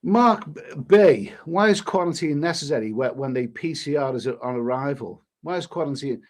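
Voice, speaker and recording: A man with a slightly high, expressive voice at a moderate pace hosts a travel live stream, reading viewer comments aloud. The travel vlogger rambles and repeats himself, swearing mildly with an exasperated edge.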